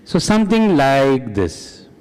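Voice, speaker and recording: A man's voice: medium pitch, big pitch swings, slow, a little mellow, clean tone. A man leading an interactive spiritual class who quizzes his audience and praises their answers. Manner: questioning and encouraging the audience. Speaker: satsang discussion leader. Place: large hall with an audience. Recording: reverberant hall.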